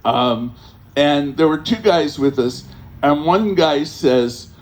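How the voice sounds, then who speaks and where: Guy telling a long rambly story at a live storytelling night, slow, lots of ums and little laughs, kinda highish voice. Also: expressive. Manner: rambling, halting, full of fillers and restarts; chuckles through the telling.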